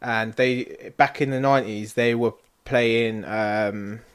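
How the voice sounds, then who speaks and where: A young man with a British accent, co-hosting a casual podcast from a flat and leading with a story. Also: medium pitch, takes it slowly, smooth. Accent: British English. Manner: laid-back, storytelling, laughs at own bad accents. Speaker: podcast co-host. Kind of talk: casual chat. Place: flat, indoors.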